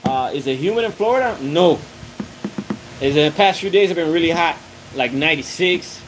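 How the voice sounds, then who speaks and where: A man's voice: a little high, animated, moderate pace, noisy background. Chatty man on a casual live stream. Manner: rambling, loose and friendly, full of restarts and fillers. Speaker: livestream host answering viewer chat. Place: outdoors on a windy day.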